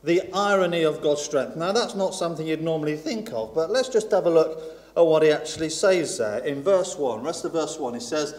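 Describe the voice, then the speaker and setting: A man's voice: fairly high pitch, brisk, a little mellow. A man preaching a sermon in a chatty, self-deprecating way, stressing points by repeating them. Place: church hall. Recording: echoey church hall with long reverb.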